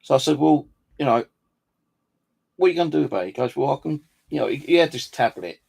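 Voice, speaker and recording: A man's voice: a little high, lively intonation, quick pace, creaky, a little mellow, breathy edge. A man telling an angry story in a casual monologue, swearing freely and acting out the conversations. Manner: swears freely, indignant, retells dialogue. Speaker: vlogger.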